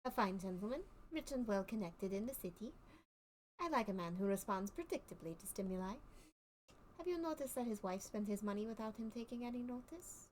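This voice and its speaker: A woman voicing a smooth, scheming circus boss, putting on a French accent and reading game dialogue aloud in a theatrical, sly manner over a faint hiss. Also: mid-range voice, expressive, fairly quick, a little mellow, lightly acted. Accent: put-on French.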